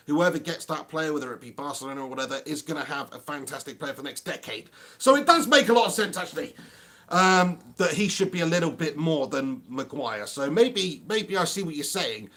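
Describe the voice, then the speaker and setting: A man's voice: fairly high pitch, a bit bright. A man hosting a live fan stream, talking passionately in a rambling way and often restarting his sentences. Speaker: fan channel host.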